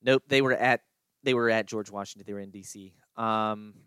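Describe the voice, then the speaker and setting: A man co-hosting a sports podcast, rambling and animated with chuckles. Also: on the low side, normal speed, smooth, no echo. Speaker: podcast co-host. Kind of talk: casual sports chat.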